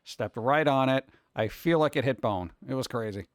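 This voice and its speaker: A livestreaming artist chats casually as he works, rambling to his chat and talking viewers through hands-on tasks step by step. His mid-range voice is clear and resonant at a moderate pace, recorded as clean studio sound with no echo.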